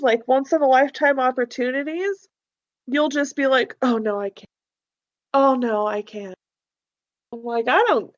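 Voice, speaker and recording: A woman's voice: sits high, dull audio. A young woman chatting on a casual podcast, talking freely and acting out the dialogue in her stories. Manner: chatty, acts out quoted dialogue. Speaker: podcast guest, host's wife. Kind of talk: casual chat.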